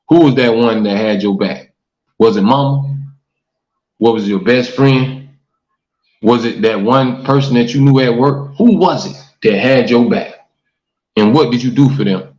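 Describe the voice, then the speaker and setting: A man's voice: medium pitch, moderate pace, darkish tone. Man hosting a livestream, earnest, preachy, echoey room, dull lo-fi audio. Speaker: talk show host. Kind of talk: casual livestream talk reading comments. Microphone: livestream mic.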